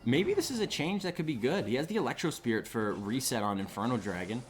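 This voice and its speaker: A man giving live esports commentary on a stream, excitable and rambling, often restarting his sentences. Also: mid-range voice, fast talker. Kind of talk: live esports commentary with chat shout-outs.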